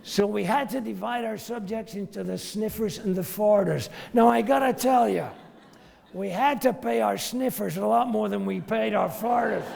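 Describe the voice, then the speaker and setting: Older English doctor, gravelly, comic. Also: male voice, sits high. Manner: animated, comic storyteller who acts out quoted voices. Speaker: retired family doctor telling anecdotes. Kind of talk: after-dinner storytelling. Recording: long hall reverb.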